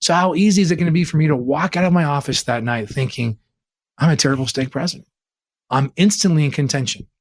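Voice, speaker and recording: A man's voice: a little high, fast talker, few pauses, no room sound. Earnest man telling a story, dry sound. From Bay Area, California. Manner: earnest, animated, poses rhetorical questions. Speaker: interview guest, church leader. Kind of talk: conversational storytelling.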